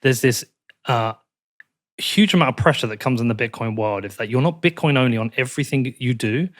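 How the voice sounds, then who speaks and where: A man's voice: medium pitch, fairly quick, fairly bright tone. Uk guy hosting, mid voice, keeps pushing back with what-ifs. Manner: probing, pushes back with hypotheticals. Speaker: podcast host. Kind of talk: interview debate.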